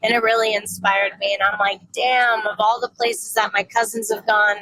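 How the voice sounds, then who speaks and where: Bright-voiced woman in her thirties, candid. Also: mid-range voice, flat delivery, moderate pace, slight background noise, poor audio. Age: 30s. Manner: candid, rambling, self-deprecating, swears freely. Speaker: vlogger. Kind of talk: casual personal vlog.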